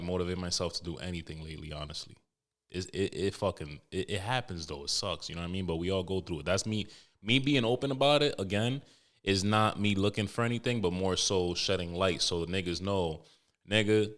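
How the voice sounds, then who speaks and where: A man with a low voice hosts his own podcast alone. He talks casually and candidly, rambling from joke to confession. He swears freely as he goes. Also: a bit bright. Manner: candid, profane, rambling and joking. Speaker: podcast host. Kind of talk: casual solo podcast talk.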